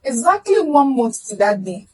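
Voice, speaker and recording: A young woman with a Nigerian accent recounts her own story straight to camera. Her voice sits a touch high. She tells it with animation and acts out what the others said. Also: very animated, moderate pace, slight background noise, rough recording. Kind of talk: emotional personal story to camera.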